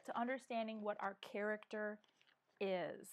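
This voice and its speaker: Wearing a clip-on mic, a middle-aged vlog host runs a relaxed live coffee chat from her home, earnest but full of ums and restarts. Her mid-range voice is fairly even at a moderate pace, with a little hiss or hum.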